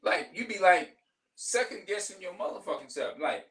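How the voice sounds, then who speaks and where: A man's voice: high-pitched, sing-song, normal speed, fairly bright tone, recorded from a distance. Heated, profane middle-aged man venting. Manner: heated, profane, rambling, repeats himself. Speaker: vlogger. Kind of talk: venting monologue to camera.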